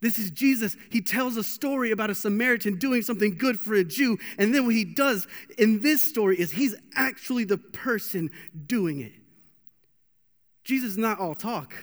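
This young man's high-pitched voice runs at normal speed as he preaches a casual sermon in a church hall. He's animated and jokey, restarting again and again, and the hall adds long reverb.

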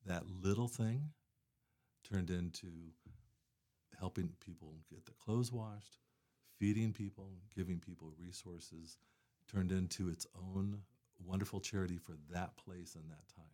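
A man's voice: sits low, fairly even intonation, measured pace, mellow. A man talking casually as a guest about charity work, rambling with many fillers and restarts. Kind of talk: casual conversation.

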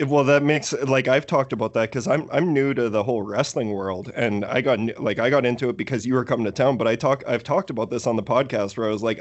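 A man hosting a podcast, asking questions in a relaxed, agreeable way. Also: mid-range voice, quick pace, hardly any pauses. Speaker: podcast host. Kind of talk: casual podcast chat.

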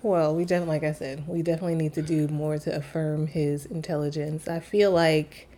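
A woman's voice: deep voice, little pitch movement, a little fast, warm tone. A woman co-hosting a casual podcast, talking in a matter-of-fact, thoughtful way. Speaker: podcast co-host and mother. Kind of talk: casual chat.

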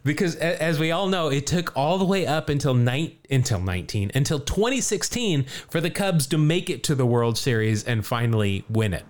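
A man's voice: on the high side, expressive, normal speed, few pauses. A man hosting a podcast, telling a story in casual chat, jokey and chatty, laughing often. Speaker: podcast host.

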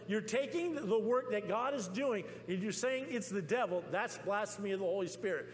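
A man preaching a testimony sermon in a church, telling his story excitedly with many restarts. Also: high voice, moderate pace, few pauses. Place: church sanctuary. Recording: long reverb in a church with faint hum.

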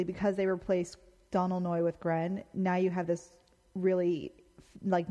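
A woman's voice: on the low side, dark tone, long reverb tail. A woman co-hosting a podcast, joking and laughing in casual talk. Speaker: podcast co-host. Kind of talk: casual chat.

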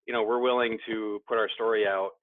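At a recovery support meeting, a man with a fairly low, level voice tells his story candidly and a little quickly, frequently starting his sentences over. The recording is dry and tinny, like it came through a phone.

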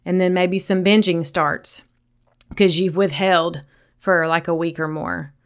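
A woman's voice: fairly low pitch, fairly even intonation, measured pace, clean tone. A woman with a Southern accent hosting a solo podcast, speaking earnestly and encouragingly straight to her listeners. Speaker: podcast host.

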